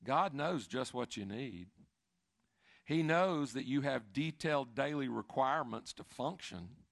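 A middle-aged man preaching a sermon, swinging from emphatic rises to quiet, intimate asides. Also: medium pitch, unhurried, creaky, no room sound, clean studio sound. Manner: expressive preaching, rising and dropping to soft, intimate asides. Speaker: pastor.

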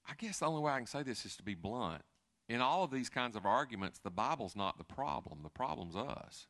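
A middle-aged man preaching a sermon in a conversational, animated way, with asides and restarts. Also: on the low side, fairly quick. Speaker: pastor.

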